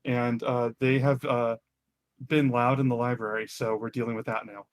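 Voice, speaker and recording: A man narrating as game master of a live-streamed tabletop game, relaxed and chatty with many pauses. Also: medium pitch.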